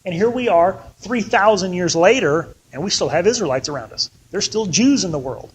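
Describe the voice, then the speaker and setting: A man's voice: high-pitched, animated, moderate pace, slightly rough, rough recording. A man teaching a casual Bible study, chatty and conversational, often acting out the people he quotes.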